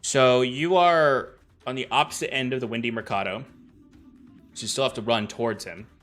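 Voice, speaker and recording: Man as game master, casual rambling delivery, mid pitch, faint music behind. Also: normal speed, fairly bright tone. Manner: casual, rambling with restarts and laughs. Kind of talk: running a tabletop game.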